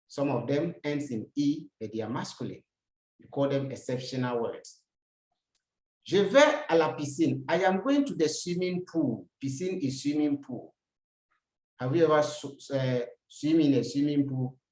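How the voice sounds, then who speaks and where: A language teacher walks through a lesson, saying each example sentence, then translating it and repeating it. Now and then they turn to the learner with a rhetorical question. The voice sits at an ordinary pitch and rings in a roomy space. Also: lively intonation, unhurried, a little mellow. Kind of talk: recorded lesson. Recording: roomy echo.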